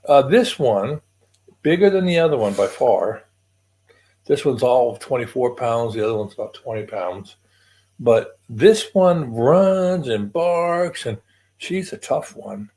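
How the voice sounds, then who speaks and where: An older man hosts a loose, chatty livestream from his home, drifting from one thing to the next and greeting viewers by name. His voice is slightly husky and rises and falls a lot as he talks. His pitch sits in the middle for a man. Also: a little mellow. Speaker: livestream host. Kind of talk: casual livestream chat.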